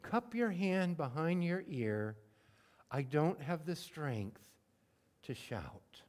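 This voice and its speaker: A man preaching a sermon in a conversational way, acting out prayers in everyday words and moving between emphatic bursts and hushed moments. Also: on the high side, animated, slow pace. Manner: conversational, swings from loud emphatic to soft and hushed. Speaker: pastor.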